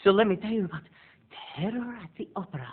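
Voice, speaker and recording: A man giving a casual, animated, campy movie review as a video blogger. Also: high-pitched, fast, breathy edge. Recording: tinny lo-fi recording.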